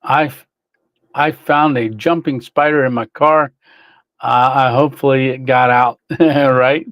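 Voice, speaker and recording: A man's voice: mid-range voice, fairly even intonation, takes it slowly, dry recording, dull audio. A man hosting a casual livestream, reading chat, greeting viewers by name and laughing often.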